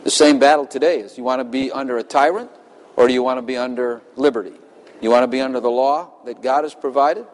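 A man's voice: mid-range voice, steady tone, quick pace. A man preaching a sermon, emphatic and impassioned, with dramatic readings of scripture. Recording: long hall reverb.

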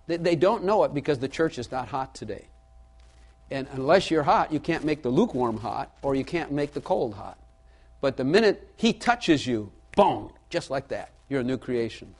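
A man's voice: fairly high pitch, a little mellow. A man preaching a sermon in a folksy way, repeating his key lines for emphasis and asking the audience questions. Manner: folksy storytelling with asides to the audience.

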